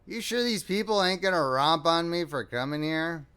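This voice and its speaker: A man's voice: fairly high pitch, animated, normal speed, bright, forceful tone, smooth. A man voicing a wary, blunt taxi driver with slangy speech in an audiobook story. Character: wary, gruff working-class male taxi driver.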